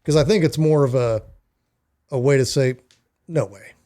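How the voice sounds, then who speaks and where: A man's voice: mid-range voice, fairly even intonation, normal speed, mellow, no echo, studio quality. A man co-hosting a casual podcast chat, wry and laughing, often restarting his sentences. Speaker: podcast co-host.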